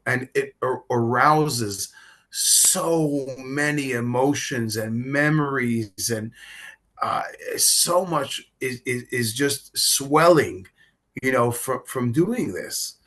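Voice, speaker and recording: Bright-voiced man, halting and emotional. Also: mid-range voice. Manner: halting, repeats words, stammers when moved. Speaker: rabbi, guest. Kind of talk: emotional interview conversation.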